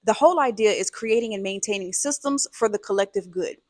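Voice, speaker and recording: A woman's voice: medium pitch, brisk, no echo, studio quality. A woman who is a mother, hosting a casual vlog, talking in an emphatic, conversational, slangy way. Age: adult, a mother. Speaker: video host.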